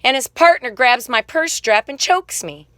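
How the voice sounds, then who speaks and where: A woman's voice: high-pitched, lively intonation, moderate pace, a bit bright, dry recording. A woman vlogger telling a story in a casual, heated monologue, swearing as she goes.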